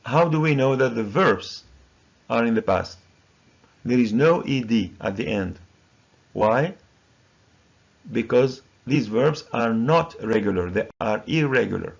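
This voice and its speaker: A man teaching English grammar with a Moroccan accent, a native Moroccan Arabic speaker who drills each word slowly and deliberately. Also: mid-range voice, animated, gravelly, lo-fi sound. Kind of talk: recorded grammar lesson.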